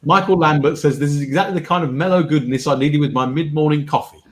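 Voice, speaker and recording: A man's voice: on the high side, steady tone, fast. A man co-hosting an online show, reading out viewer comments in upbeat, loose chat. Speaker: co-host.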